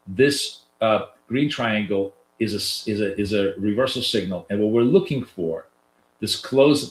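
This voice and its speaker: A nasal man with a lowish voice talks viewers through live trades, loose and chatty, with plenty of fillers. The sound is roomy and echoey. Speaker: trading coach hosting a live stream. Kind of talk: live trading commentary to viewers. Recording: roomy echo.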